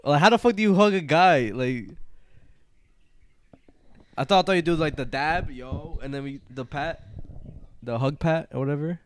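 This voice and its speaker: A man's voice: on the high side, moderate pace, pauses often. A young man co-hosting a podcast in casual chat, laid-back, laughing and swearing often. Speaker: podcast co-host.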